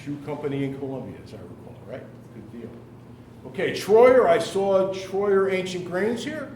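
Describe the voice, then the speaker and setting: A man leading a classroom workshop, running an upbeat, brisk roll call of teams. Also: high voice, very animated, darkish tone, a little hiss or hum. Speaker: workshop leader. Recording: echoey room from far off.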